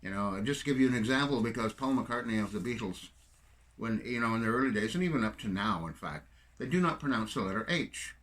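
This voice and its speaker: A man's voice: fairly low pitch, animated, a little fast, fairly bright tone. An older man from Canada giving a rambling, sarcastic solo political monologue, full of digressions. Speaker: political commentator.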